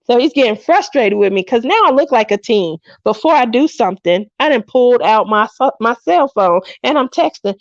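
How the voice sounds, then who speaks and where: Her voice on the high side with lively intonation, this woman in her fifties talks at normal speed with hardly any pauses. She hosts a craft livestream as a chatty storyteller who laughs often and acts out quotes. There's no room sound, and the audio is dull.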